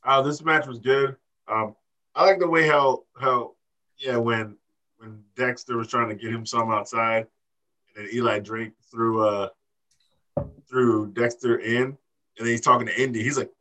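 A man co-hosting a casual wrestling chat, animated and swearing, acting out quotes in high voices. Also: normal speed, rough recording. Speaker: podcast co-host.

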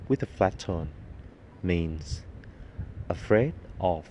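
A man hosting a language lesson, speaking clearly and patiently and repeating words slowly. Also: low voice, lively intonation, warm tone, highs cut off, a little hiss or hum. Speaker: language teacher.

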